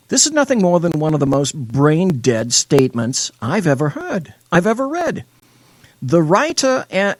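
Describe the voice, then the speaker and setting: A man's voice: fairly high pitch, no echo. A man hosting a live show, reading quotes aloud and tearing into them with scorn. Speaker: show host. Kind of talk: opinionated live-stream talk.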